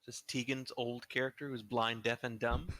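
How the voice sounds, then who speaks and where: Bright-voiced joking man player. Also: mid-range voice, level tone, moderate pace, no room sound. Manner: joking, laughs often, hesitant fillers. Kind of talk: casual tabletop play.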